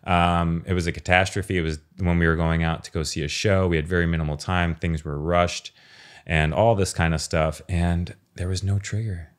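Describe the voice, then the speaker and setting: A man speaking as a podcast guest in a casual, earnest and expressive way, swearing now and then. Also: deep voice, normal speed. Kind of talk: casual conversation.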